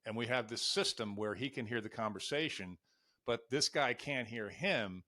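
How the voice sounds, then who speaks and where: A podcast guest in his fifties, working as a life and executive coach, speaks at medium pitch and normal speed in a bright, forceful tone. He tells candid and emotional stories, voicing the dialogue of old conversations. Clean studio sound, no echo.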